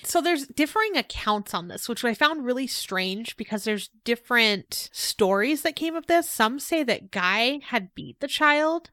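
A woman co-hosting a casual true-crime podcast, animated and quick to laugh, acting out quotes as she tells the story. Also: on the high side, dry recording, clean studio sound. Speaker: podcast co-host.

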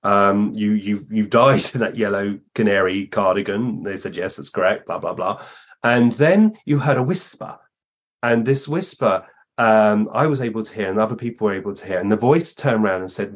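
A man, a guest medium, telling lively anecdotes in a podcast interview and acting out the voices he quotes. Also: on the low side, moderate pace, husky.

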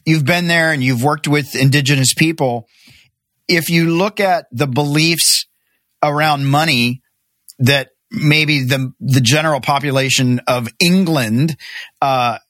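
A man's voice: a little high, a bit bright, no room sound. Male host with a dry voice. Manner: asks long questions with pauses and fillers. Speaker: interview host. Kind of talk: conversational interview.

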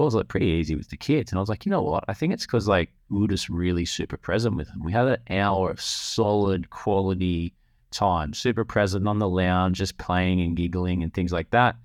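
A man's voice: low voice, brisk, dry recording, clean studio sound. A man, telling a rambling personal story as a podcast host and acting out the quoted voices. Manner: rambling, restarts often, acts out quoted voices. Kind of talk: casual storytelling.

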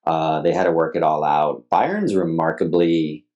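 Man, extremely low voice, co-host, casual soccer talk, measured and analytical. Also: darkish tone, muffled recording. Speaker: soccer coach and podcast co-host. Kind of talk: casual sports chat.

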